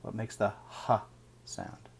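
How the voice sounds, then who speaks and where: Guy teaching phonics, sounds out every word real slow and careful. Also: a little hiss or hum. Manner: slow, deliberate sounding out of words. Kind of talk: phonics lesson.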